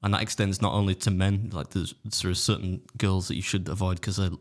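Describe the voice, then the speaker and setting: A man in his thirties with a Yorkshire accent, telling rambling, animated school stories on a casual podcast. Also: sits low, brisk. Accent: Yorkshire English. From Leeds, England. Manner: rambling, animated, swears, laughs at own stories. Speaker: podcast co-host. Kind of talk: casual storytelling chat.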